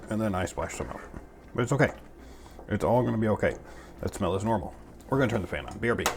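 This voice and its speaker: A man with a low voice hosts a casual cooking channel video, making a sauce in his home kitchen. He chats in a goofy, self-mocking way, and the recording carries a little hiss or hum.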